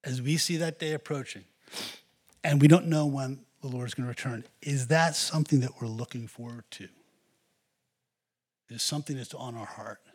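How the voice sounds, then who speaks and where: A man's voice: mid-range voice, normal speed, long pauses, husky. A man preaching a sermon as pastor, earnestly exhorting the congregation.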